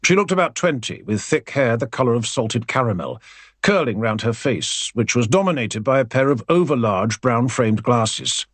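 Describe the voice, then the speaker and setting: A man narrating an audiobook in a wry, expressive storytelling manner. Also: mid-range voice, normal speed, breathy edge, no echo.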